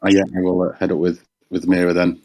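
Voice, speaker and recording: A man playing a tabletop game, talking casually and thinking aloud with hesitant pauses. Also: sits low, completely flat delivery, darkish tone. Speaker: player.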